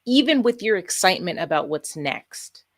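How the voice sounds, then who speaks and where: A woman podcast host talks in a low voice, supportive and thoughtful, in a relaxed interview. The recording is dry and close, with little room sound. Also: normal speed, no echo. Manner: supportive, reflective. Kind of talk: casual interview talk.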